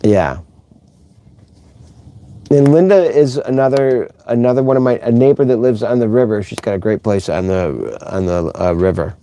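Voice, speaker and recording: A man's voice: mid-range voice, normal speed, warm tone. A middle-aged man hosting a casual live stream, rambling and chatty as he reads out viewer comments.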